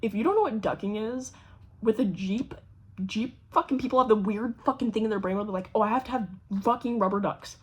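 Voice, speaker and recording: A young woman casually telling a story to camera, animated and swearing freely, acting out the voices of the people in it. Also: a little high, fairly quick, slightly rough. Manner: animated, swears a lot, acts out quoted voices. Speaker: vlogger.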